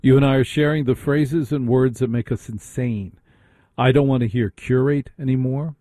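A man's voice: medium pitch, warm tone, dry recording. A man hosting a late-night call-in radio show, bantering and teasing callers with dry humor. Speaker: radio host.

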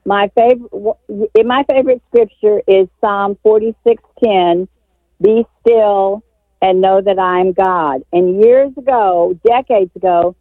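A woman from Texas phones in to a radio talk show, her eager, heartfelt storytelling full of little stumbles and fillers. Her voice comes through a narrow, tinny phone line, dry and close, with a pitch that sits in the middle of the range. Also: slow pace, no room sound. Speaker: caller. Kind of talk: call-in radio chat. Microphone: telephone.

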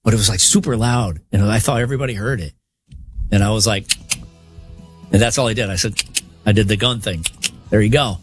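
A man's voice: on the low side, a little fast, long pauses, soft background music. A man co-hosting a radio show, talking in a blunt, matter-of-fact way in casual banter. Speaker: co-host.

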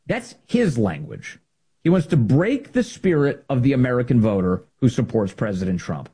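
Animated husky-voiced male commentator. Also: mid-range voice, normal speed. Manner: emphatic, animated, repeats phrases for effect. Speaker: political commentator. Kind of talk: opinionated political monologue.

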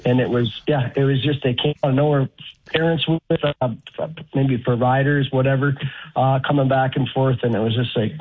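Male radio caller, rambling anecdote, husky tone, phone-line sound. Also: mid-range voice, fairly even intonation, moderate pace. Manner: rambling storytelling. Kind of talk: call-in radio talk.

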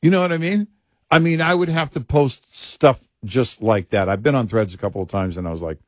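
A man's voice: medium pitch, a little fast, no room sound, studio quality. A middle-aged man co-hosting a talk radio show, rambling and joking at his own expense. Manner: rambling, self-mocking, restarts a lot. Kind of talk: casual talk radio banter. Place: radio studio.

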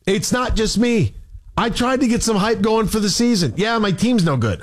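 A man's voice: sits high, expressive, moderate pace. A man hosting a morning sports radio show, ranting in exasperation with a stream of rhetorical questions. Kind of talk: heated sports talk rant.

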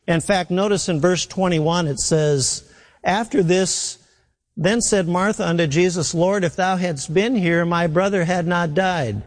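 A man's voice: fairly high pitch, big-room sound. A man preaching a sermon in an earnest, emphatic way, repeating his key phrases.

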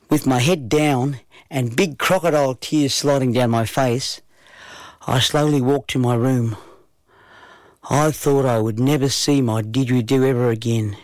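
A man with an Australian accent narrating a children's story in a relaxed, lively first-person telling. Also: medium pitch, a little slow, dry recording.

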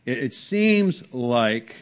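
A man preaching an earnest sermon as a pastor, with sudden rises and drops in pitch and loudness. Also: big pitch swings, extremely slow. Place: church sanctuary.

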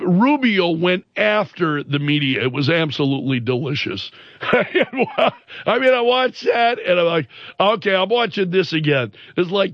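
A man with a notably high voice talks through the news at an unhurried pace, filling the gaps with ums and restarts as he piles on disbelief. The sound is dry and a little dull, with no room around it. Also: dry recording. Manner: animated, incredulous retelling with frequent fillers and restarts. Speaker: commentary show host. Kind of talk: casual news commentary.

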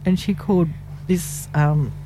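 A woman's voice: fairly low pitch, unhurried, mellow, slight background noise. A middle-aged woman, co-hosting a radio show in casual, teasing banter, laughing often and cutting in. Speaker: radio co-host.

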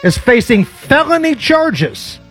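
A man's voice: very high-pitched, big pitch swings, slow pace, fairly bright tone, soft background music. A male talk radio host, bantering playfully and slipping into a mock newscaster delivery.

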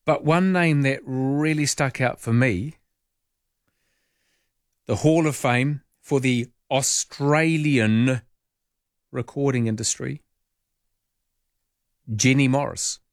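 A middle-aged man with a New Zealand accent hosting a casual radio chat, playful and mock-indignant, his voice jumping high on questions. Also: slow, long pauses, dry recording, studio quality. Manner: playful, indignant tongue-in-cheek asides with sudden high pitch jumps. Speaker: radio host.

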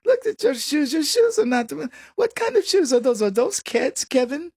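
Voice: sits high, very animated, moderate pace, a little mellow, no echo, clean studio sound, voice pushed up. Someone doing a sneering snobby socialite woman. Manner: sneering, condescending. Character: mocking rich-posing young woman, snobbish.

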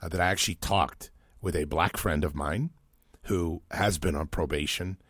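A man's voice: low-pitched, moderate pace, a bit bright, dry recording, clean studio sound. A man hosting a talk radio show, reading listener texts and rambling with chuckles and restarts. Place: radio studio. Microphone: close studio mic.

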